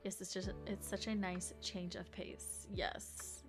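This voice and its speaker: A woman's voice: mid-range voice, flat delivery, takes it slowly, over music. A woman live streamer chatting casually with her viewers in a bubbly, chatty way, full of fillers, sometimes dropping to near whispers.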